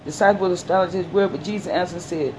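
Preacher guy, kinda high voice, stumbles reading verses then breaks it down plain, little hiss behind. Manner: reads verses haltingly, then explains in plain folksy talk. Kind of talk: sermon reading and explaining scripture.

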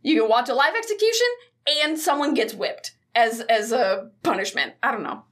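A woman's voice: on the high side, expressive, normal speed, fairly bright tone. A woman co-hosting a podcast, recapping a movie in casual chat, swearing freely and acting out the characters. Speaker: podcast co-host.

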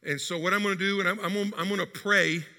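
A man's voice: high voice, fairly even intonation, fast talker, creaky, pushed and bright, long reverb tail. A man preaching a sermon as pastor, telling a story and building to emphatic, impassioned declarations. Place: church sanctuary.

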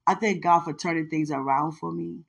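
A woman's voice: low voice, steady tone, brisk, gravelly, slightly rough. A woman hosting a podcast alone in a casual, chatty way, laughing often, bursting into bits of song and giving thanks to God. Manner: testifying with religious thankfulness. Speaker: podcast host. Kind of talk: casual solo chat.

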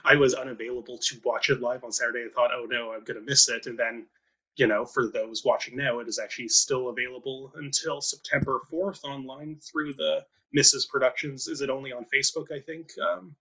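Male host, casual interview chat, husky and bright, loose and giggly. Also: mid-range voice, steady tone, brisk. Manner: chatty, laughs often, many fillers. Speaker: podcast host. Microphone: video call.

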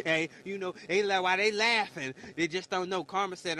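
Preachy man with a bright voice. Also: high voice, a little fast, few pauses, rough recording. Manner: preachy, exclaims "Lord have mercy". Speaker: podcast host. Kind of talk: preachy motivational monologue.

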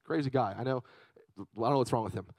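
A young man preaching a lively youth sermon, telling stories with big swings from loud to hushed. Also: mid-range voice, fast talker, no echo, low-quality recording. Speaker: youth pastor.

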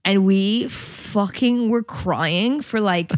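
A woman's voice: medium pitch, takes it slowly, no room sound, studio quality. A young woman co-hosting a casual podcast, telling a rambling story, swearing freely and giggling. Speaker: podcast co-host. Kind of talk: casual chat.

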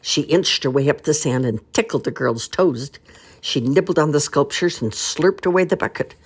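An older grandmother reading picture books aloud in an expressive, playful way. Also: low voice, moderate pace, husky. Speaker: storyteller grandmother.

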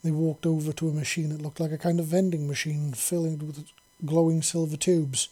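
A man's voice: on the high side, flat delivery, fairly quick, warm tone. A man reading a serialized story aloud in a casual, chatty way.

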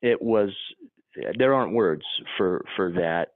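Earnest halting man on a phone line. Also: lowish voice, dry recording. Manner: earnest, halting, many restarts. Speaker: interview guest. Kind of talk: emotional personal account.

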